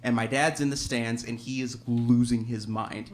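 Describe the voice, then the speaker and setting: A man's voice: mid-range voice, brisk. A man from Alabama telling a personal story on a theater stage, wry and self-deprecating, often chuckling as he talks.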